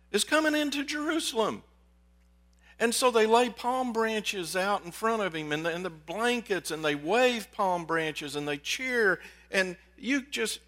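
A pastor preaching a lively, conversational sermon to his congregation, calling them folks. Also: sits high. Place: church sanctuary.

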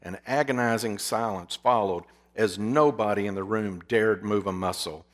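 A man preaching a sermon, asking his listeners rhetorical questions and dropping to a hush for emphasis. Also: fairly low pitch, normal speed. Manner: drops to a hushed voice for emphasis.

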